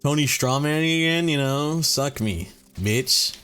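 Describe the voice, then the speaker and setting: A man with a fairly high, sharp-toned voice speaks slowly as he hosts a gaming let's play. Casual cursing, plenty of filler words and rambling carry his jokey, mock-serious swagger, with game music playing faintly.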